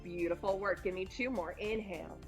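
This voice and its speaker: A young woman who works as a personal trainer leads a postpartum core workout, doing the moves herself while encouragingly cueing breaths. Her mid-range voice is steady and fairly quick but a little strained from the effort, with faint music behind her.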